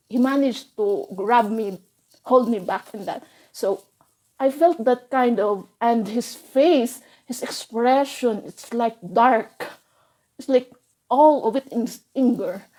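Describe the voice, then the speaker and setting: A woman telling a painful personal story in halting, emotional bursts, with frequent restarts. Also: fairly high pitch, a little mellow, poor audio. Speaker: vlogger.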